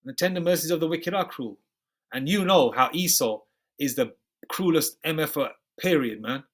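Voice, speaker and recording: A man's voice: fairly high pitch, lively intonation. Slang-heavy, emphatic male preacher. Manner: reads verses slowly and deliberately, then comments in loose street slang; emphatic, repeats points with "okay?" and "man". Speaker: bible teacher. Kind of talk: scripture study sermon.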